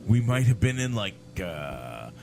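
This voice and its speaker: A man's voice: on the low side, big pitch swings, a little slow, vocal fry, a little mellow, slight background noise. A man co-hosting a casual podcast, telling rambling road stories full of swearing and fillers. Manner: rambling storyteller, swears a lot. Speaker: podcast co-host. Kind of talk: casual chat.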